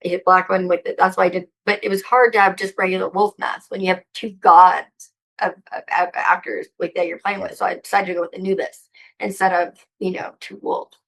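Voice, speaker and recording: A woman being interviewed, talking in a rambling, excitable and profane way. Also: on the low side, fairly quick, creaky, poor audio. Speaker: interview guest. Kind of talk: casual interview chat.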